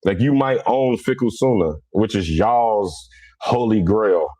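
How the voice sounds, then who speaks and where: A middle-aged man from Cincinnati, hosting a casual livestream. His talk is blunt, animated and rough around the edges. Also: on the low side, slow, no echo. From Cincinnati, USA. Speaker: livestream host.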